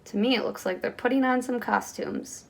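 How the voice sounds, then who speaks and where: A woman with a somewhat high voice reads a picture book aloud to a kindergarten class. Her storytime delivery is expressive and lively, shifting into voices for the characters. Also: moderate pace, creaky. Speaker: kindergarten teacher.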